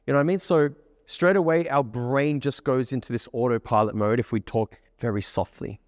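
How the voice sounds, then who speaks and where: A man with an Australian accent giving a lively presentation as a dating coach, acting out example voices. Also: medium pitch, brisk, in a large hall. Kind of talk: presentation to a group.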